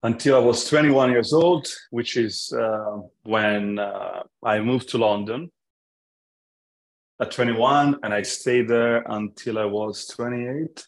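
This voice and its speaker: Man telling a story. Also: lowish voice. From Italy. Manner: storytelling, jokey, many restarts. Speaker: app founder, podcast guest. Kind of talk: casual chat.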